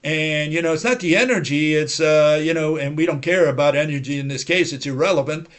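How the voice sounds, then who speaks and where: A man's voice: on the high side, fairly quick. A man hosting a livestream, lecturing in a rambling, argumentative way, full of "you know" and "uh," and mocking his opponents by quoting them. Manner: argumentative, repetitive, with frequent "you know" and "uh" fillers; mocking, mimics opponents in quoted voices. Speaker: host of a science-skeptic livestream.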